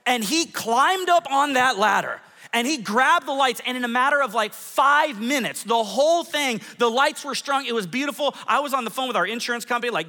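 A man's voice: very high voice, brisk. A pastor in his forties preaching a sermon, telling self-mocking stories and polling the crowd. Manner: lively, self-mocking storytelling with audience polls. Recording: long hall reverb.

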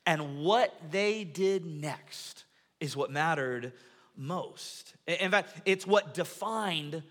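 A man in his thirties, a pastor delivering a sermon to his congregation as an animated storyteller, in a large church auditorium. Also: fairly high pitch, drawn-out words. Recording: long reverb of a large hall.

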